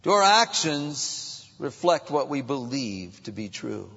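A man preaching a sermon, dropping to a hush and then rising again. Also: medium pitch, very animated, takes it slowly, gravelly, hardly any pauses, breathy edge. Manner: dynamic, swings between hushed and raised. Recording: muffled reverberant hall.

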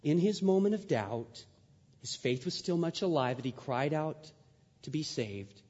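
A male pastor delivers a sermon in a church with a fairly high voice. His delivery swings from quiet, drawn-out lines to loud, rising bursts. The sound is slightly dull and trails off in a long hall reverb. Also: expressive. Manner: dramatic swings from hushed to loud. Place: church sanctuary.

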